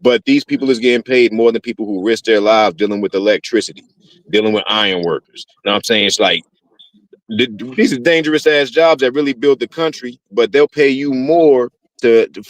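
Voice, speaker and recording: A man's voice: mid-range voice, normal speed, no room sound, low-quality recording. A man on a podcast panel, a tradesman, talking animatedly in AAVE with lots of profanity and "know what I'm saying.". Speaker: guest panelist, HVAC worker. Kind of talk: casual podcast chat.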